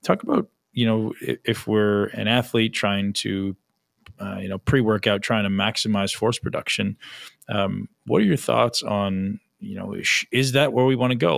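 A man's voice: fairly low pitch, moderate pace, creaky, a bit bright, dry recording. A man hosting a podcast interview, talking casually with lots of fillers and repeated words. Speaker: podcast host.

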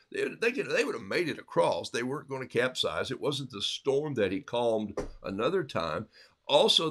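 A man telling a Bible story casually, in an animated way, acting out the quotes in different voices. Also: medium pitch, breathy edge.

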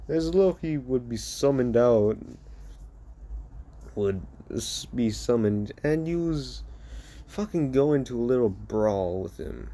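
A man's voice: mid-range voice, lively intonation, slow pace, warm tone. A man improvising a fan story, rambling and casual, with plenty of swearing.

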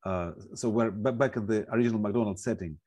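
A man in the audience asking questions at a seminar, halting and apologetic, with many fillers. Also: fairly low pitch, a little mellow.

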